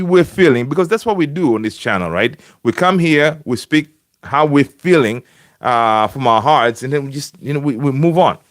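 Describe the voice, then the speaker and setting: A slightly high male voice comes through with studio quality and no room sound. He's hosting a relaxed fan live stream at home on a webcam streaming setup, chatting with viewers by name and frequently restarting or using fillers.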